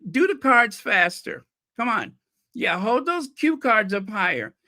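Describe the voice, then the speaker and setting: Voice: mid-range voice, big pitch swings, a little slow, bright, forceful tone. A host chatting casually on a live stream, playful and joking, with a voice worn from hours of talking. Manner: playful, joking, bursts into singing. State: losing voice, dry throat.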